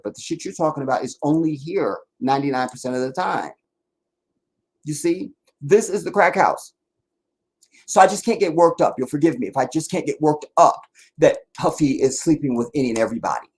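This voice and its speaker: A man hosting a live stream, talking bluntly and profanely in a casual monologue, dropping to a low mutter and rising to loud mockery. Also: breathy edge, poor audio. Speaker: livestream host.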